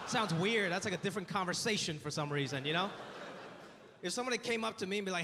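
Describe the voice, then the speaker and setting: A man doing a stand-up comedy set, telling stories in an animated way and acting out voices. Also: sits high, fast talker, a little hiss or hum. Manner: animated storytelling with acted voices. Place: theater stage with live audience. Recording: roomy hall with crowd laughter. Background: audience laughing.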